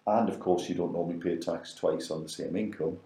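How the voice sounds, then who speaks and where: Man, middle-aged, very deep, dark tone, roomy echo, rambling casual chat. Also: fairly even intonation, fairly quick, gravelly. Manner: rambling, repeats words while thinking.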